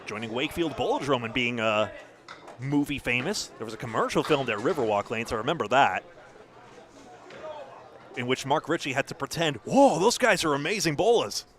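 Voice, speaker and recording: A man with a New England accent giving chatty, animated live play-by-play of a bowling match in a bowling alley. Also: medium pitch, a little fast, long pauses. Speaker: bowling commentator. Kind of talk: live sports commentary. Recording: crowd noise behind.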